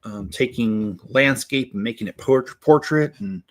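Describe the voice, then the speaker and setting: A man's voice: medium pitch, a little slow. A man hosting a casual livestream while building Lego. He rambles with plenty of fillers and keeps breaking into laughter.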